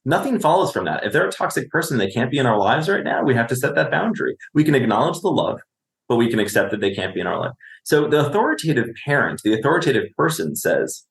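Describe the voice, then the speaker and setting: A man's voice: medium pitch, big pitch swings, quick pace, gravelly, echoey room. A man, a clinician and podcast guest, explaining parenting in conversation, often asking "right?" and acting out what a parent would say.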